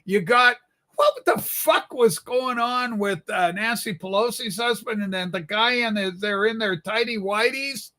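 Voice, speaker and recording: A man co-hosting a political livestream, mocking and profane, talking loudly in crude banter. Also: high-pitched, unhurried.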